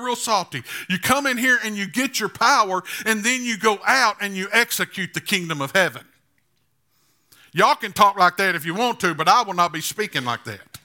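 A man's voice: high voice, expressive, fairly quick, pushed and bright. A man preaching a sermon as pastor, building to emphatic, repetitive declarations. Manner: repetitive rhetorical phrasing.

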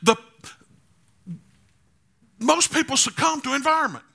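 A man's voice: very high voice, expressive, measured pace, vocal fry, sharp tone. A man preaching a sermon as pastor, building to emphatic, repetitive declarations. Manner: repetitive rhetorical phrasing.

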